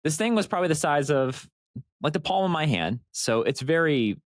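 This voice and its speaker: A man's voice: a little high, moderate pace, dry recording, clean studio sound. A man co-hosting a podcast in casual chat, telling long rambling stories with the odd swear word. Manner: rambling, animated storytelling with swearing. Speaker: podcast co-host.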